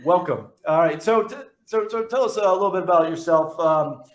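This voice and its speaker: A man's voice: on the high side, fairly quick, reverberant. A man hosting an interview podcast in a casual chat style, eager and often repeating words and restarting sentences. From New York. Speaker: podcast host.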